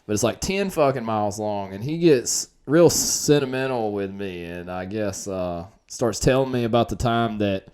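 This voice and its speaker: Animated, profane man telling a story. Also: lowish voice, clean tone. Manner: animated and profane, swinging loud and quiet. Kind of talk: casual storytelling on a podcast.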